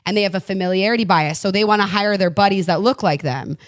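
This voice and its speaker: A woman talking as a podcast guest in casual chat, blunt and animated, swearing freely and laughing often. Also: mid-range voice, fast, no echo, clean studio sound. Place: Los Angeles.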